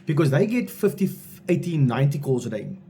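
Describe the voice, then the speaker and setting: A man's voice: a little high, sing-song, a little fast, mellow, a little hiss or hum. A man coaching salespeople in a blunt, informal way, driving each point home with repetition. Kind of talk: direct-to-camera coaching talk.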